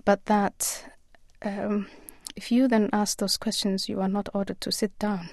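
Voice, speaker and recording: A woman guest in a radio interview, speaking earnestly and in a measured way with frequent pauses. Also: medium pitch, little pitch movement, a little mellow, no echo, clean studio sound. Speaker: author and guest.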